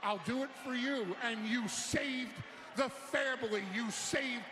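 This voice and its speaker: Male promo speaker, theatrical and pleading, very high voice, echoey broadcast. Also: measured pace, crowd noise. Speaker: wrestling show speaker. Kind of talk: impassioned arena promo speech. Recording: roomy arena broadcast audio.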